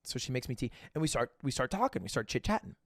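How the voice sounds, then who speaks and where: A young man livestreaming, casually telling a story to his chat, swinging between loud bursts and low asides and acting out the dialogue. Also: very animated, fast talker, dry recording, studio quality. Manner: acts out quoted dialogue.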